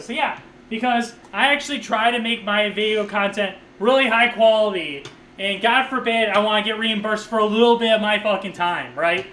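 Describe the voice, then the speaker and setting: A man's voice: high-pitched, normal speed, bright, forceful tone, echoey room, slight background noise, rough recording. A man live streaming a game and chatting casually, rambling and swearing, laughing often, on a USB condenser microphone. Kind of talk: casual live stream chat while playing.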